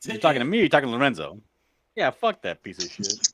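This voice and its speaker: A man's voice: medium pitch, huge pitch swings, fast, a bit bright, no room sound, clean studio sound. A man hosting a livestream chat, speaking bluntly and cursing often as he rants. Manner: profane, blunt, ranting. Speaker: livestream host. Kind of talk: heated casual chat.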